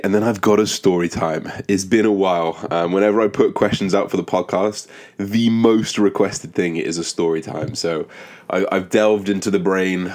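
Very low-voiced man hosting a podcast. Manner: rambling, profane, frequent ums and restarts; describes own voice as monotone. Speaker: podcast host. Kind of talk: casual solo podcast monologue.

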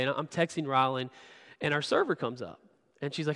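A man's voice: fairly high pitch, steady tone, a little fast, sharp tone, long reverb tail. A man preaching a sermon, telling a candid personal story and often repeating words as he stresses a point. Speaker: pastor. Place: church sanctuary.

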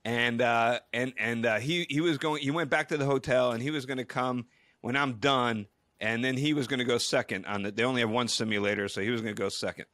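A man's voice: medium pitch, brisk, dry recording, studio quality. A middle-aged man, a retired astronaut and co-host, telling stories animatedly in a casual podcast chat. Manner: animated storyteller, acts out quotes.

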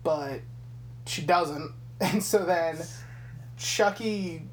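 A woman's voice: fairly low pitch, drawn-out words, slight background noise. A young woman co-hosting a podcast, casually recapping a movie scene by scene, swearing freely and acting out characters' lines. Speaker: podcast co-host. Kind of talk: casual film recap chat.

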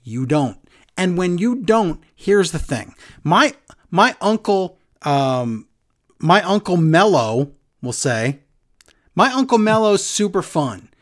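Animated, sarcastic wrestling podcast host. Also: mid-range voice, slow. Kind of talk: casual wrestling recap chat.

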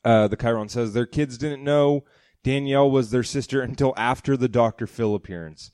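A man's voice: medium pitch, moderate pace, no echo, clean studio sound. A young man hosting a comedic live podcast, joking and riffing on a TV clip. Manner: joking, animated, quotes others in funny voices. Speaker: podcast host.

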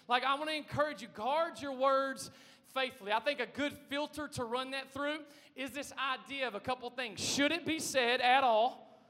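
A man preaching an energetic sermon as pastor, talking with the congregation, asking them questions and now and then breaking into shouts. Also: very high-pitched, normal speed. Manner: conversational, asks the congregation questions, bursts into shouts. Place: church sanctuary. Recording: long reverb of a large hall.

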